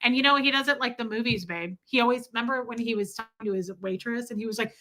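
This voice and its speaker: A young woman co-hosting a casual livestream chat, telling stories with gushing, animated energy. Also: a little high, fast, rough recording. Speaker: co-host.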